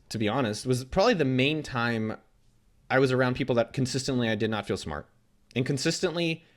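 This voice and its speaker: A man talking as a guest in a casual interview, blunt and swearing freely, acting out what others said to him. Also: medium pitch. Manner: blunt, fast, swears freely, acts out quotes. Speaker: guest entrepreneur.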